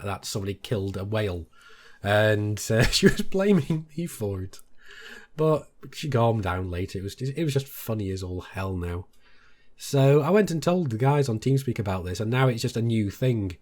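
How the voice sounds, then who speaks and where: Animated British man telling a story. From Britain. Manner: animated, jumps much higher when quoting others. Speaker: gaming YouTuber. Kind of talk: casual storytelling to camera.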